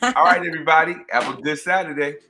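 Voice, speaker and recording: A man's voice: a little high, fast, vocal fry. An older man on a video call who helps run a reading group, joking with the others and thanking the readers. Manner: jovial, teasing, warm thanks.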